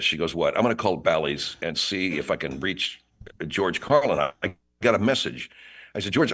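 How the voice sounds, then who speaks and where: Animated storytelling male radio guest. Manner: animated storyteller, swings pitch, acts out quotes. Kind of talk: casual radio interview storytelling.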